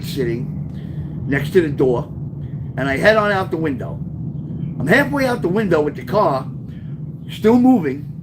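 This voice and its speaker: A man reading his own memoir aloud, telling the story with lively, offhand asides. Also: on the high side, background noise. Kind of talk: first-person memoir storytelling.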